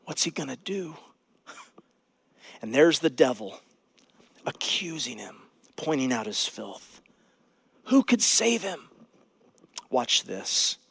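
A man preaching a sermon as pastor, moving between hushed, near-whispered lines and loud, rising exclamations. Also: medium pitch, big pitch swings, slow, creaky, long pauses, breathy edge, no echo.

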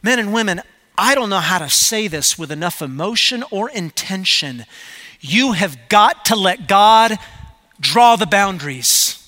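High, bright-voiced preaching man. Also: lively intonation, a little slow. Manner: emphatic preaching, swings between loud urging and quiet storytelling. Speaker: pastor. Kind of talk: sermon.

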